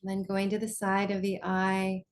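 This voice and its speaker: A woman coach leads a guided lesson conversationally, often checking in with her listeners, in a medium-pitched, monotone voice. She slows down to guide tapping.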